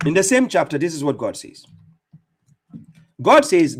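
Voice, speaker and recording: A man's voice: a little high, big pitch swings, a little slow, long pauses, slightly rough. A man giving fierce, mocking religious commentary as an Islamic debater and streamer, speaking with heavy emphasis.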